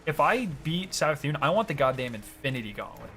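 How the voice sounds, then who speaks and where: A man chatting casually on a gaming stream, excitable and ranting with plenty of swearing. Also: fairly high pitch, a little fast, soft background music.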